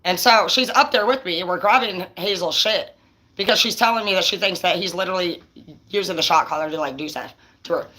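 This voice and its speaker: A woman's voice: lowish voice, brisk, sharp tone. A woman vlogging a personal story in a rambling, heated, foul-mouthed monologue, full of restarts and "dude". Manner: profane, heated, peppered with "dude" and "bro"; rambling, with frequent restarts and fillers.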